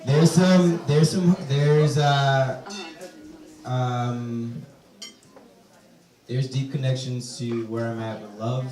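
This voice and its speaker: A man, a poet, answering audience questions at a live reading. He talks hesitantly and softly, with many fillers. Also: medium pitch, steady tone, drawn-out words, pauses often, a crowd in the background. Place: echoey event space. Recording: echoey room, distant mic.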